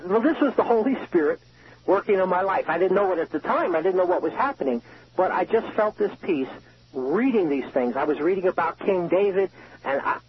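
A man's voice: sits high, a little hiss or hum. Earnest man on a muffled payphone. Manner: earnest, emotional, restarts often. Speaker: caller, prison inmate. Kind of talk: personal testimony by phone. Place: prison payphone.

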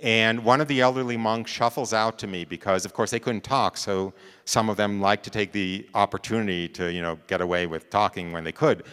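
A man's voice: lowish voice, steady tone, brisk, fairly bright tone, clear, resonant tone, big-room sound. A man giving a talk, telling a personal story in a conversational way and often checking in with his listeners. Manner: conversational, checks in with "right?" and "you know".

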